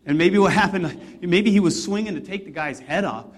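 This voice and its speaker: Male preacher, sermon, conversational storytelling, slightly high pitch. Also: a little fast. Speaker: pastor.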